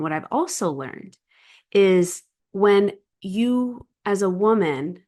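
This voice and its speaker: A woman in her thirties talking earnestly to camera as a relationship coach, emphatic and often checking in with "right?". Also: mid-range voice. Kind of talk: casual monologue to camera.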